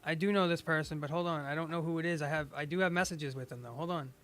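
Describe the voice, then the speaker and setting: A man chatting on a call-in stream, hesitant and stalling with short, uncertain phrases. His voice sits fairly high. Faint music runs behind him. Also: fairly even intonation, quick pace, a bit bright. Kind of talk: casual call-in chat.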